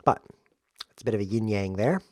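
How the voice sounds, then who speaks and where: A man hosting a chess stream, joking through playful deadpan tangents and mock lectures while he plays. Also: on the low side, brisk, no echo, clean studio sound. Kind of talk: rambling comedic commentary while playing.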